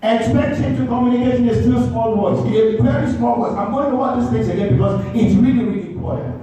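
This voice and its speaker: A man's voice: very high-pitched, quick pace, dark tone. A man preaching a sermon as pastor. He speaks emphatically, repeats his points and calls on the congregation to respond. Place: church sanctuary. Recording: echoey church hall, distant dull mic.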